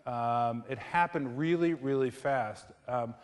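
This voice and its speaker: A man's voice: mid-range voice, slow, in a large hall. A middle-aged man speaking on a theatre stage as a guest speaker on investing, casual and joking, with many fillers and restarts. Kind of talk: live public talk with jokes.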